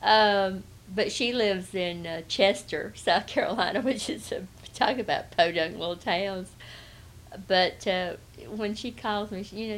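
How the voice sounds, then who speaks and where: A woman's voice: medium pitch, a little slow, slight background noise. A woman from Atlanta with a Southern accent, answering interview questions in a rambling, hesitant way. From Atlanta, Georgia. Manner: rambling, hesitant, many restarts. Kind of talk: casual oral-history interview.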